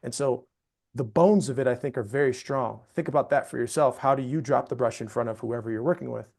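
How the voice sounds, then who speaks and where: A man, a storytelling expert, telling an anecdote as a podcast guest in a lively, conversational way. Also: mid-range voice, brisk, vocal fry. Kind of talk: animated storytelling in a podcast interview.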